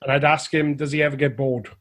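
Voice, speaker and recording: A man's voice: a little high, flat delivery, fairly quick, fairly bright tone. A man co-hosting a podcast, laughing a lot and swearing in loose banter. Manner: laughing, swearing, acts out silly voices. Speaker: podcast co-host. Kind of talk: casual banter.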